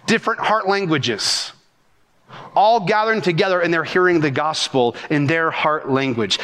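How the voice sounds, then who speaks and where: A man preaching a sermon as pastor, with rhythmic, animated delivery and quick bursts of speech. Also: sits high, big-room sound.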